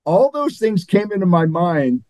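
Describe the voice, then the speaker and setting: A man's voice: sits high, very animated, measured pace, darkish tone, no echo, low-quality recording. An older man, a former athlete and guest, telling stories in a rambling, chuckling way. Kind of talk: anecdotal interview storytelling.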